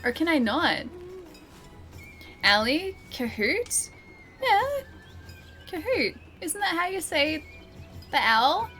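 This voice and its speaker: A woman's voice: sits high, very animated, slow, pauses often, sharp tone, faint music behind. A young woman live-streaming a game, chatting with her viewers in a giggly, teasing way. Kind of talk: live-streamed gameplay chat.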